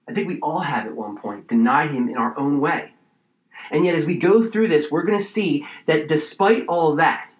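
A man preaching a sermon, emphatic, with dramatic pauses and repeated phrases. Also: a little high, echoey room, low-quality recording. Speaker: pastor.

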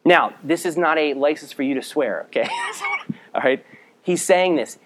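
Male pastor, slightly raised voice, earnest sermon delivery, direct address, drops quiet for weight. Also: expressive, moderate pace. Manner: reads scripture aloud, then explains it; drops to a low, quiet voice for emphasis.

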